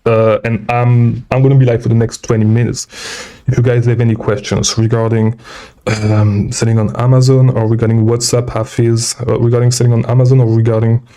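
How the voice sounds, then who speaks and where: A traveling livestream host gives seller coaching in an informal Q&A from indoors, reading viewers' questions and rambling breathlessly with frequent "okay?" tags. His mid-range voice is warm, a little fast, and barely moves in pitch.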